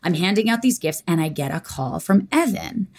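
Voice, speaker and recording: A woman's voice: lowish voice, moderate pace. A young woman on a podcast, telling a personal story in casual chat and acting out the quotes. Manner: animated, acts out quotes. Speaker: podcast guest.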